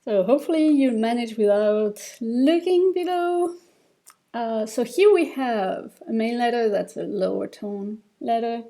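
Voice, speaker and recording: A woman giving a recorded reading lesson, taking each step slowly and patiently. Her voice sits a little high but sounds mellow and soft-edged. She pauses with fillers and restarts as she explains. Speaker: Tibetan reading teacher. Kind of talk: recorded lesson over slides.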